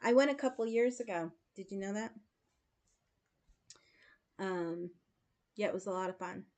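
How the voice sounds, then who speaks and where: An American woman in her late forties hosts a livestream, chatting casually with viewers in a medium-pitched, darkish voice at a moderate pace. She tells stories full of laughs and filler words.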